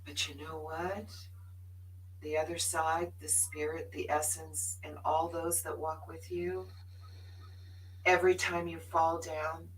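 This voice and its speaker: A woman's voice: low-pitched, level tone, takes it slowly, distant mic, slight background noise, low-quality recording. A woman co-hosting a spiritual live show, sharing her journey in an earnest, emphatic way. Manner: earnest and emphatic, laughs often.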